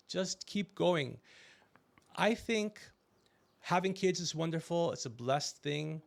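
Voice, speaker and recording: A middle-aged man hosting a podcast, telling stories in a casual comedic chat and acting out quotes with animated voices. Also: on the high side, unhurried, creaky. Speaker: podcast host.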